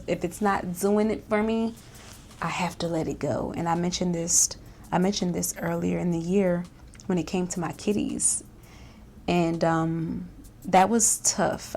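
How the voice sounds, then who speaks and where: A woman's voice: lowish voice, vocal fry, darkish tone, slight background noise. A woman vlogger talking in a casual, reflective way, with many fillers and restarts. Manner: chatty, self-reflective, many fillers and restarts, laughs often.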